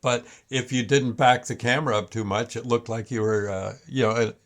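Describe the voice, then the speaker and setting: An older man hosting a show, telling a childhood story in a casual, meandering way with many halting restarts. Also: mid-range voice, fairly even intonation, fairly bright tone. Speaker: show host. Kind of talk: casual reminiscence.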